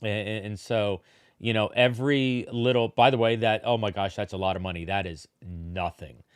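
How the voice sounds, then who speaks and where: A man's voice: on the low side, steady tone, normal speed, smooth, no room sound, studio quality. A man co-hosting a church livestream in casual chat, often restarting words and making joking asides. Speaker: livestream co-host. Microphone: livestream setup.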